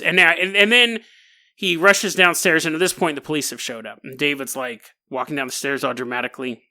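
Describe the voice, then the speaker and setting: A man hosting a podcast, telling a story comically in an animated, jokey way and laughing mid-sentence. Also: a little high, brisk. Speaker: podcast host. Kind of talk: comedic storytelling.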